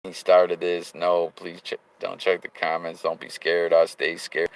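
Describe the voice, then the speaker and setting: A man livestreams from his car as he drives, reading viewer comments aloud and chatting loosely in slang, breaking into sudden hyped bursts. His low, resonant voice is clear, with vocal fry, a slightly slow pace and a completely flat delivery. The recording is rough.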